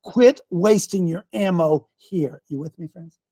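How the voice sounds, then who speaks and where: A man preaching a fiery sermon, folksy and combative, with slang and sudden shouts. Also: high voice, unhurried, no room sound. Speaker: pastor.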